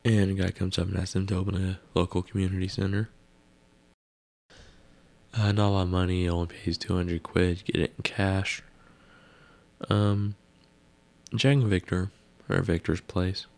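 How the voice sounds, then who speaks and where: Low gravelly guy rambling through a tv episode recap, wry asides. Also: little pitch movement, moderate pace, pauses often, darkish tone. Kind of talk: casual spoken episode recap.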